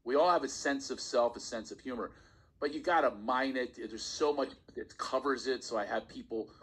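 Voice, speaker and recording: A man, a stand-up comedian, telling stories on a podcast in a casual, animated way and often laughing as he talks. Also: medium pitch, normal speed, husky, low-quality recording. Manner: animated storyteller, laughs while talking. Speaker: guest comedian.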